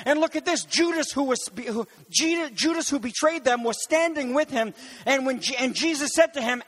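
Male preacher, high voice, animated sermon delivery with shouted peaks, live in a reverberant church hall. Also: normal speed. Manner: animated, shouting on key words, asides to the room.

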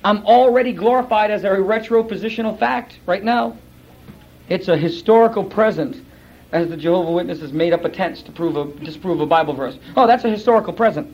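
A man, a pastor, giving sermon-style Bible teaching to a class. He is emphatic and animated, fires off rhetorical questions and acts out other people's voices. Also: high voice, brisk. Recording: dull lo-fi recording.

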